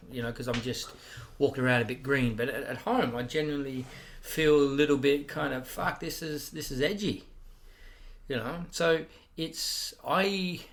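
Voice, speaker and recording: An Australian man and comedian, telling profane, animated stories in a casual chat and getting loud when he acts out what people said. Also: mid-range voice. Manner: loud bursts when acting out quotes. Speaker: guest comedian.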